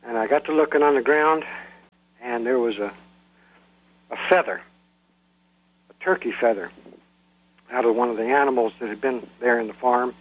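A man calling in to a radio show, telling his own story in a plain, halting way. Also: medium pitch, slightly rough, highs cut off. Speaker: caller. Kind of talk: phone-in storytelling.

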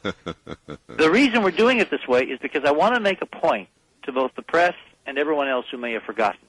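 A man talks as a guest on a radio call-in show, pressing his points with urgent emphasis. His voice sits at an ordinary pitch and comes through a dry broadcast sound with no room echo. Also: breathy edge. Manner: emphatic, urgent, rallying the audience.

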